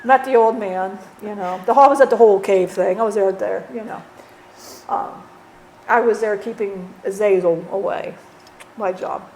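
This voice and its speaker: A woman's voice: medium pitch, normal speed, darkish tone, slight background noise, natural voice. A woman channeling the spirit of a dead man, who rambles bluntly, swears and keeps saying "you know". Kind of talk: channeling session.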